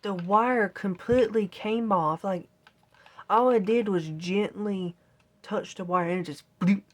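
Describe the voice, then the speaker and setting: A woman's voice: mid-range voice, a little slow. A woman telling a long casual story, rambling and exasperated, quoting her own reactions. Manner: rambling, exasperated retelling with quoted self-talk. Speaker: vlogger. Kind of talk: casual storytelling while gaming.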